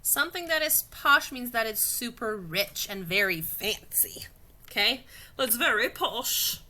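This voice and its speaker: A woman's voice: a little high, expressive, a little slow, sharp tone. A woman teaching a phonics lesson to young children, patient and encouraging, stretching out each sound.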